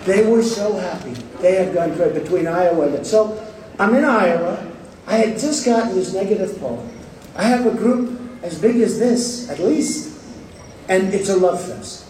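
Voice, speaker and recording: Speaking at a moderate pace, a political candidate with a high-pitched, darkish voice gives an animated rally speech in a large packed hall. He brags, rambles, repeats himself, and mocks the press sarcastically. The audio is echoey and distant, with crowd noise.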